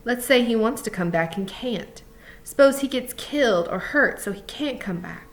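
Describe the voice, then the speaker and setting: A woman reading aloud, voicing a bitter, lonely older stable hand in a slow, brooding drawl. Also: a little high, animated, pitched above the performer's own voice. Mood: probing.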